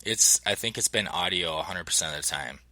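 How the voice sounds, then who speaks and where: A man's voice: low voice, fairly quick, bright, forceful tone, dry recording. A man with a Minnesota accent hosting a podcast, asking easygoing questions in casual chat. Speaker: podcast host.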